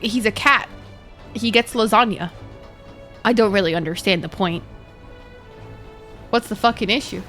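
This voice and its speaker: A young woman streaming a game, chatting casually with her viewers, swearing freely and reacting excitably. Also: on the high side. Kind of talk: casual live-stream chat.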